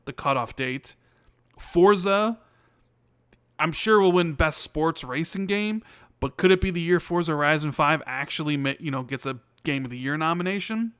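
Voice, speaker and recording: Clear-voiced man co-hosting a podcast. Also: on the high side, a bit bright, no room sound, clean studio sound. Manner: rambling, many fillers, reads viewer questions aloud. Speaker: podcast co-host. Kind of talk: casual podcast chat.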